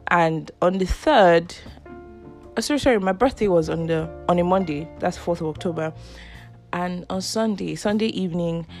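A woman's voice: fairly low pitch, moderate pace, a little mellow, faint music behind. A young woman, hosting a podcast and telling a personal story casually, laughing often. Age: 20s. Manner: chatty, laughs often, acts out quoted voices. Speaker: podcast host.

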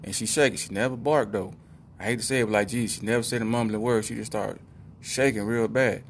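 A man's voice: fairly low pitch, fairly even intonation, a little fast, slight background noise. A middle-aged man telling a comic personal story in a rambling, conversational way with lots of asides.

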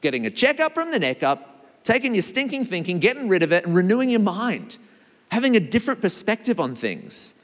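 A man preaching a sermon as pastor, lively and animated, with big swings in his delivery. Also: high-pitched, a little fast. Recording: long hall reverb.

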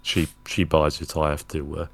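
A man's voice: rumbling low, completely flat delivery, normal speed, slight background noise. A man co-hosting a podcast in casual chat, dropping dry, joking asides. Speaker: podcast co-host.

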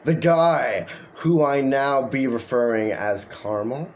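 A man reading an internet story aloud for a podcast, at a mid-range pitch. He swears freely and breaks off to comment. A faint hiss sits under the voice. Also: takes it slowly. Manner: profane, animated storytelling with asides. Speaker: podcast host.

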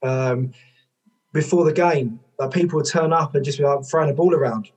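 A man, a former rugby player and coach, telling stories in a podcast conversation, lively, with lots of "like" fillers and casual swearing. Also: on the high side, moderate pace, slightly rough. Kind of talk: conversational storytelling.

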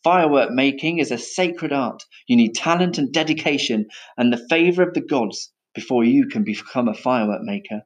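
A man's voice: mid-range voice, animated, normal speed, hardly any pauses, lightly acted. A man voicing a stern, proud older firework maker who lectures and scolds.

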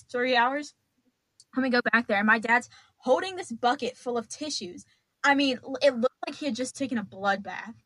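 A young woman with a fairly bright, higher voice tells stories as a podcast guest, with no room sound. She's chatty and dramatic, laughing as she goes through her casual storytelling.

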